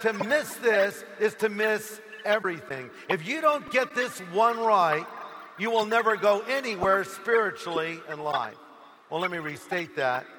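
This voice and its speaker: A male pastor with a high, bright voice preaches to a stadium, telling stories in a lively way and raising his voice for quoted lines. The sound rings with a long reverb, and faint noise sits under it. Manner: storytelling preacher, booming on acted quotes. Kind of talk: stadium sermon. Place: outdoor stadium.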